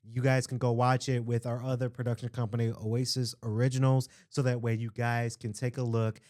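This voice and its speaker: A man hosting his own podcast, talking loosely and with hype-man energy, his throat a little strained from shouting. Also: medium pitch, little pitch movement, fairly quick. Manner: rambling, loose and conversational. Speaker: podcast host. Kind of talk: casual solo podcast talk.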